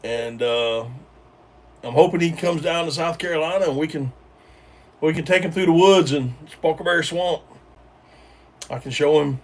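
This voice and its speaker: Far from the mic, a man with a fairly high voice talks at normal speed with long pauses. He's hosting a casual livestream and reading chat, rambling hesitantly with lots of ums and repeated starts.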